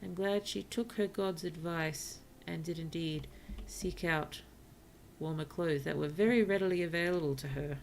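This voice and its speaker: A tired woman streamer gently chatting with her viewers during gameplay, softly spoken and often dropping to a whisper. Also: deep voice, gravelly, slight background noise. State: tired, yawning. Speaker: virtual streamer. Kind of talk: casual gameplay commentary to chat.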